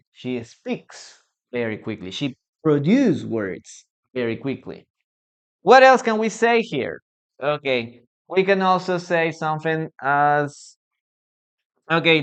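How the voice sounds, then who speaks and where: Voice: mid-range voice, clear, resonant tone. An English teacher from Peru with a Spanish accent, a native Spanish speaker, giving a live lesson and patiently repeating examples, often checking with "okay?" and "no?". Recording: slightly muffled streaming audio.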